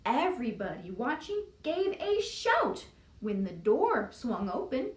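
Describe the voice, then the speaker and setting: A woman's voice: sits high, big pitch swings, takes it slowly, slight background noise. A woman librarian reading a picture book aloud to young children in a sing-song storytime style, putting on voices. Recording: echoey room, distant mic.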